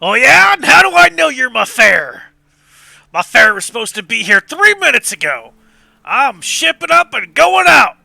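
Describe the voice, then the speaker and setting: A man voicing a gruff, impatient, hunchbacked old boatman who barks and shouts. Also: very high-pitched, very animated, unhurried, no echo, voice pushed up, heavily acted. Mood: cranky. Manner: loud, cranky, shouting.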